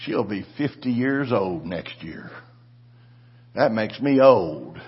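Husky older man preaching a sermon. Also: on the low side, expressive, takes it slowly, muffled recording. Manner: preaching with rising, shouted declarations. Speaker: pastor.

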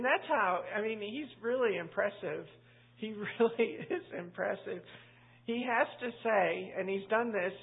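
A woman pastor leads a Bible study in a relaxed, chatty way and keeps drifting into little stories and asides. Her voice is gravelly and husky. The sound is thin and tinny, like a phone line. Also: mid-range voice. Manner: chatty and anecdotal, full of asides. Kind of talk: conversational Bible study teaching.

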